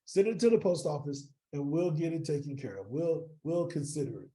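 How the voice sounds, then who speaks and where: A man putting on the voice of a kind, protective middle-aged mother who speaks softly and wearily. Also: a little high, expressive, brisk, close to an everyday voice. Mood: warm, weary.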